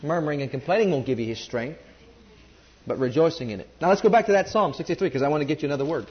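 A man's voice: a little high, expressive, rapid-fire, lo-fi sound. A man preaching a sermon and calling on the congregation to join in. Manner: emphatic, calls on the congregation to respond.

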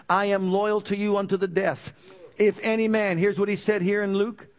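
Male preacher, high voice, emphatic sermon delivery, asks the congregation to finish his lines, drops low and soft to plead. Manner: call-and-response questions to the congregation. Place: church.

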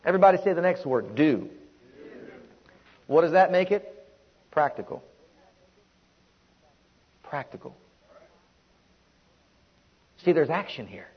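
Male preacher, high husky voice, emphatic call-and-response sermon, muffled lo-fi recording. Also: animated, moderate pace, long pauses.

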